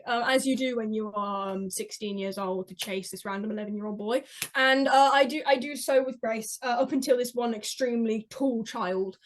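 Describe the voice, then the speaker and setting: A woman telling stories in an excitable, rambling way on a podcast, with many restarts. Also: a little high, normal speed. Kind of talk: casual chat, rambling storytelling. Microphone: podcast mic.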